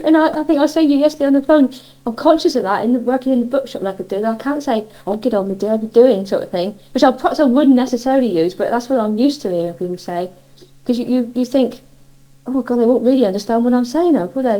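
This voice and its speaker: A woman's voice: a little high, warm tone, low-quality recording. A middle-aged woman from Cornwall with a Cornish accent, chatting in an interview and reminiscing in a rambling way with frequent self-corrections. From Cornwall, England.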